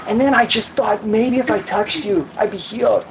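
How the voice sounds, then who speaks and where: A woman voicing a desperate outcast woman who pours out her story in halting, stammering bursts. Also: mid-range voice, dull audio, a little hiss or hum, lightly acted. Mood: pleading.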